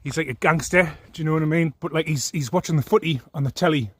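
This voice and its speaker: A man's voice: a little high, fast talker, breathy edge, no room sound, studio quality. A man in an angry, profane monologue, mocking his critics and laughing at them.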